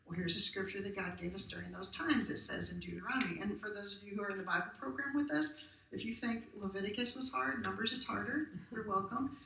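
A woman's voice: mid-range voice, quick pace, vocal fry, sharp tone, a little hiss or hum. A middle-aged woman pastor giving a conversational, emphatic sermon full of rhetorical questions. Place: church sanctuary. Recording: roomy hall captured from a distance.

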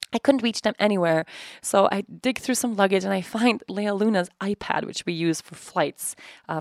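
A woman's voice: a little high, vocal fry, a little mellow, no echo, studio quality. A woman in her thirties hosting a podcast, telling a personal story candidly and animatedly with lots of filler words. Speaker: podcast host.

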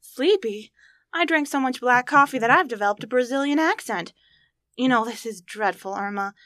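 An actress playing a level-headed, caring young roommate in a 1940s radio sitcom, with a brisk, sensible delivery. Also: female voice, a little high, lively intonation, fairly bright tone, no room sound, clean studio sound.

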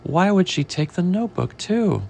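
A man's voice: sits high, big pitch swings, normal speed, gravelly, a little mellow, pitched above the performer's own voice, exaggerated voice. A man voicing a flustered woman who owns a pet chicken, reading from a picture book, worried and exclaiming. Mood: fretful.

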